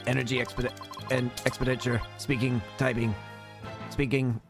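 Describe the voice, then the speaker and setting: A man voicing a terse male bomb disposal expert in a game, speaking in a flat, clipped, mechanical way. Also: medium pitch, moderate pace, music in the background, close to an everyday voice. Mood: robotic. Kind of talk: video game voice acting.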